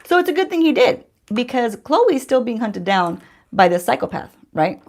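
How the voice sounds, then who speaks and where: Woman vlogger with a creaky voice, chatting loosely to her audience mid-makeup and throwing questions at them. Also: on the high side, sing-song, normal speed, darkish tone. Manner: chatty, addresses viewers directly, rhetorical questions. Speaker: beauty vlogger. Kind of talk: casual storytime chat while doing makeup. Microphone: handheld-range mic while holding a mirror.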